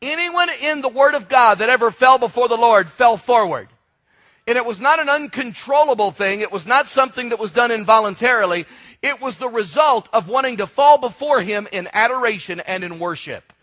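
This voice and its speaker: A man preaching a sermon, telling stories with animated delivery and sudden shouted emphasis. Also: very high-pitched, a little fast. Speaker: pastor.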